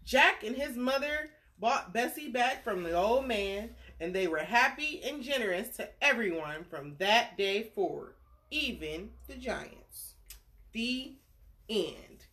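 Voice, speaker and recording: Lively woman reading a bedtime story. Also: fairly high pitch, slow. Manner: animated, chatty asides to young listeners; playful character voices for the story's figures.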